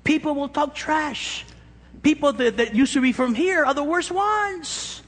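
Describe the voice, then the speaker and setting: A man's voice: very high-pitched, a little slow, fairly bright tone. A middle-aged man with an East Los Angeles accent preaching a sermon, emphatic and joking as he counts through a numbered list. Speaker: pastor. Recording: echoey hall with long reverb.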